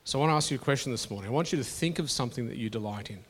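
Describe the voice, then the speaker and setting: A man's voice: medium pitch, racing, breathy edge. A middle-aged man preaching a sermon to his congregation in an earnest, conversational way, often restarting his phrases. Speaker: pastor.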